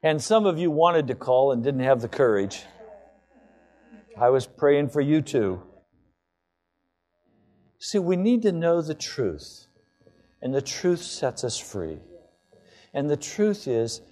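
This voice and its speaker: A man's voice: mid-range voice, big pitch swings, slow pace, pauses often, darkish tone, faint music behind. A male pastor delivering a sermon to his congregation, building to fervent declarations. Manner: impassioned preaching, rising to fervent declarations.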